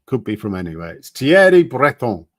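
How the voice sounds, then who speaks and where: A man's voice: medium pitch, sing-song, moderate pace, no echo, clean studio sound. A man giving casual, skeptical commentary on current events, often reading articles aloud and asking rhetorical questions. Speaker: political commentator.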